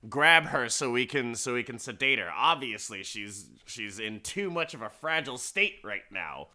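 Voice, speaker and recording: A smooth, falsely soothing villain doctor, as a man puts him on, brushing off every worry in a breezy, dismissive way. The voice is bright and a little raised, and it rides slightly higher than a normal speaking pitch. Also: animated, moderate pace.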